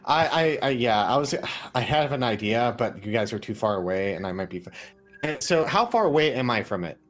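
A man's voice: medium pitch, lively intonation, brisk, fairly bright tone, faint music behind. A man playing a tabletop game, talking casually and rambling with many fillers and restarts. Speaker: player.

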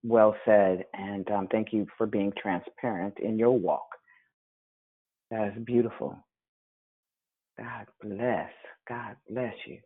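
A man's voice: on the low side, steady tone, slow, long pauses. A man hosting a church phone call, affirming each speaker with praise and blessings. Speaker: prayer call host. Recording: tinny phone line.

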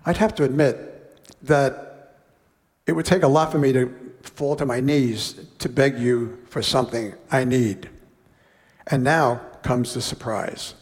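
A man's voice: medium pitch, slow pace, pauses often, big-room sound. A man preaching a sermon, reading a parable aloud and breaking off for conversational, wry asides.

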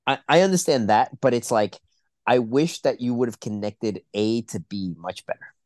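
A man's voice: mid-range voice, moderate pace, no echo, studio quality. A man with a stuffy, congested nose, co-hosting a casual movie-review podcast, ranting emphatically and swearing often. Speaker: podcast co-host.

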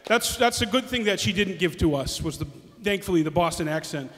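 A male comedian telling family stories on stage, rambling and hesitant, often restarting his sentences. His voice is high. The sound carries the long reverb of a hall. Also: expressive, fairly quick, fairly bright tone. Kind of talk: stand-up comedy storytelling.

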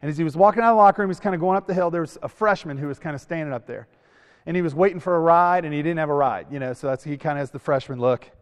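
Youth speaker: a man with a slightly high voice, animated storyteller, long hall reverb. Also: very fast. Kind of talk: sermon to a youth camp.

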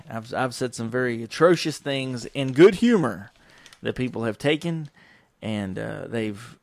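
With vocal fry in his medium-pitched voice and no room sound around it, this man, a professional wrestler, rambles through work stories in a casual monologue. He animatedly quotes and acts out what others said.

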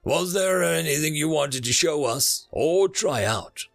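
A man voicing a steady, practical male commander in a measured manner, in an audiobook reading. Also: on the high side, creaky, no room sound, faint music behind, pitched above the performer's own voice, full character voice.

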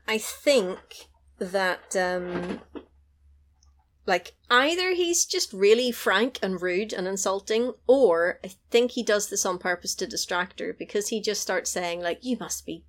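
A woman chatting casually on a podcast, retelling a film scene. She slips into small put-on voices for the characters and laughs easily, in an ordinary mid-pitched voice. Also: a little slow.

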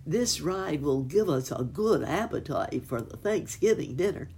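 A woman doing an excitable turkey gentleman who gobbles out his thanks, his voice leaping high and lively. A gravelly, husky edge runs under the storybook voice. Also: a little slow, heavily acted. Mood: eager.

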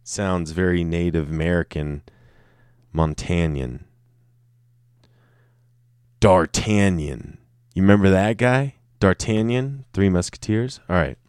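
A man's voice: deep voice, measured pace, darkish tone, smooth, no room sound, clean studio sound. A man talking alone in an offhand, joking way, swearing a lot and tripping over his words. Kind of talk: casual off-the-cuff monologue.

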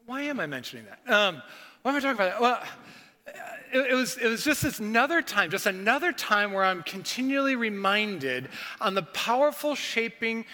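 A middle-aged man preaching a sermon as a pastor, telling stories in an animated way and acting out what people said. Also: high voice, moderate pace, in a large hall. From northern United States. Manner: animated storytelling with acted-out quotes.

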